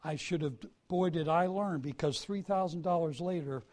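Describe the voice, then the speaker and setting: A male preacher giving a sermon, swinging from soft confession to loud emphasis. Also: a little high, moderate pace.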